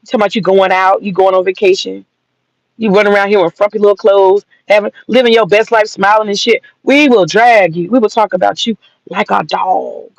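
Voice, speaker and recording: Creaky and steady at a medium pitch, a Southern commentator talks a little fast through a blunt, mocking, profane rant full of sass. The recording is dry and has a dull lo-fi quality.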